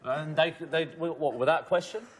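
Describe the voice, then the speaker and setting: A man's voice: on the high side, normal speed. A man hosting a game show, teasing contestants with jokes and frequent laughter. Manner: teasing, jokey, laughs often. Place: TV studio with live audience. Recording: loud studio audience and hum.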